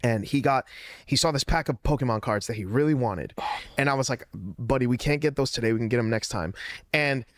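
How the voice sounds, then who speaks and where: A man's voice: medium pitch, fairly quick, dry recording. Rambling man, dry close mic. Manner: long-winded, rambling storyteller. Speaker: podcast co-host. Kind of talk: casual podcast chat.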